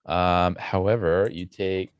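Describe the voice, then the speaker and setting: Slow-talking low-voiced game master man. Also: flat delivery, clean tone, muffled recording. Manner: halting, many fillers and restarts. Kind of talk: narrating a tabletop game.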